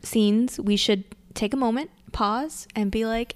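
Brief: female co-host, higher voice, giggly and playful. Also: fairly even intonation, unhurried. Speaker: podcast co-host. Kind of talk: casual podcast chat.

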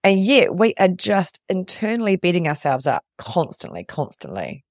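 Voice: mid-range voice, expressive, moderate pace, no echo, clean studio sound. A podcast host and resilience coach talking earnestly and reflectively in a casual chat.

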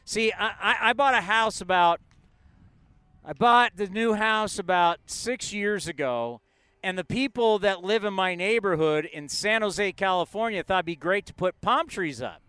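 Fifties guy on sports radio, excitable storyteller, dry close sound. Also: sits high, moderate pace, smooth, no echo. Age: 50s. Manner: excitable, storytelling, self-mocking. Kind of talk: casual sports talk.

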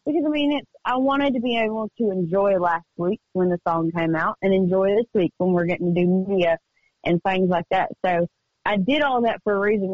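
A woman's voice: mid-range voice, dry recording. Upbeat woman guest rambling happily, mid voice, kinda dry and dull sounding. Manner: chatty, upbeat, quick storytelling. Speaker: guest singer-songwriter. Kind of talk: casual radio interview chat. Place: remote call from home studio.

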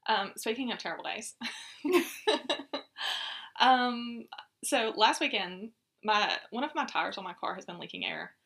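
A woman co-hosts a laid-back podcast. Her voice is bright and a little tense, with a heavy gravelly fry. She rambles through her stories with plenty of fillers. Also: fairly high pitch, very animated, unhurried, pauses often. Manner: chatty, many fillers. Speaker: podcast co-host. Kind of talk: casual chat.

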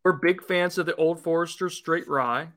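A man's voice: fairly high pitch, normal speed, fairly bright tone. A man co-hosting a whiskey podcast, chatting casually and rambling with lots of "like" fillers. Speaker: podcast co-host. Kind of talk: casual chat, whiskey tasting.

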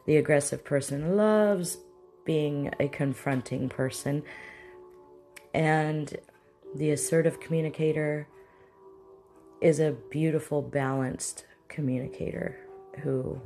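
Casual instructor voice, conversational, mid-pitched, light background music. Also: steady tone, takes it slowly, vocal fry, pauses often, dark tone. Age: adult with children. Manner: conversational, acts out example dialogues. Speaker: mindfulness teacher. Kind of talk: casual spoken lesson.

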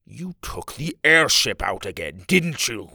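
A man's voice: mid-range voice, big pitch swings, a little slow, gravelly, no room sound, studio quality, full character voice. A man voicing a round, hot-tempered father from an underground people who speaks in a stern, formal way. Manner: stern, formal, shouts in bursts.

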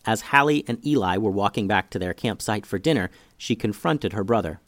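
A man reading a children's story aloud, with lively, expressive storytelling. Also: lowish voice, fairly quick, few pauses, no echo.

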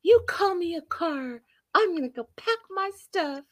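A woman's voice: very high voice, animated, measured pace, no echo, voice pushed up. A woman doing a distraught older woman. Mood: tearful. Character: upset 67-year-old woman confronting partner.

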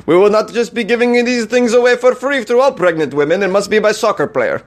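A man voicing an earnest fast-food ad spokesman in a put-on thick Russian accent with broken English, spoken slowly and deadpan. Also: high voice, pitched above the performer's own voice. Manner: slow, deadpan, clipped phrasing.

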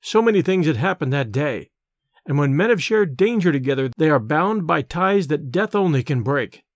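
Guy reading an audiobook, kinda higher voice, steady and measured, dead dry mic. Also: dry recording. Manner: measured, literary first-person reading. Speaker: audiobook reader. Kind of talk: scripted narration.

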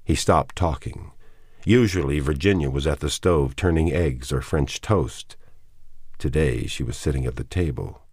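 A man narrating a novel aloud with measured storytelling. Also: very deep voice, darkish tone, breathy edge, no echo, clean studio sound. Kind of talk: audiobook narration.

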